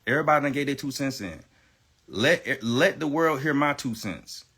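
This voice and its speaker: A man's voice: medium pitch, animated, moderate pace, bright, forceful tone, slightly rough. A man on a livestream, ranting insistently in a rambling, profane way and repeating himself. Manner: emphatic, insistent. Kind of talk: livestream rant.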